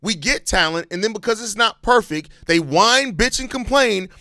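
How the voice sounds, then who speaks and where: A man hosting a live postgame reaction, talking bluntly with plenty of profanity and breaking into loud rants. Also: sits high, moderate pace, hardly any pauses, no echo, clean studio sound. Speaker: sports channel host.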